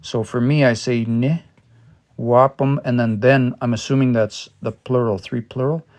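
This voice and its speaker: A man's voice: mid-range voice, steady tone, measured pace, darkish tone. Man thinking aloud through a lesson. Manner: thinks aloud, spells words out letter by letter; explains patiently with worked examples. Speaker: language learner teaching a livestream study session. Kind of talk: casual livestream language lesson.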